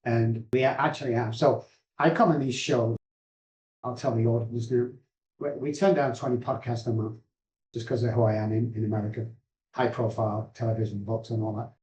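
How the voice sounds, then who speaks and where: A man's voice: medium pitch, steady tone, a little fast, darkish tone. A man, an addiction specialist earnestly telling his life story in rambling, heartfelt sentences. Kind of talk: emotional personal storytelling. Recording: roomy echo.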